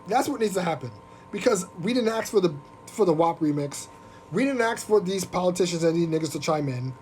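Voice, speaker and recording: A podcast host ranting on a live stream in an animated, profane, mocking way. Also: male voice, high-pitched, a little fast, slight background noise. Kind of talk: casual live-stream rant.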